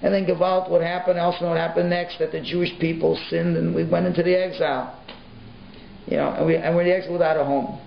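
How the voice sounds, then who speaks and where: A man's voice: on the high side, level tone, fast talker, creaky, slight background noise, voice pushed up. A man doing a meek, humble old porter. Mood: tearful. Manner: plain, self-effacing, tearful pleading. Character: humble poor older male porter, meek and devout. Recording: echoey, muffled room recording.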